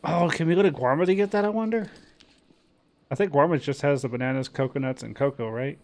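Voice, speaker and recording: A man's voice: fairly high pitch, darkish tone. Easygoing man in game roleplay. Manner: casual, halting, trails off mid-sentence. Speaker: roleplayer playing a frontiersman. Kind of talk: in-character roleplay chat.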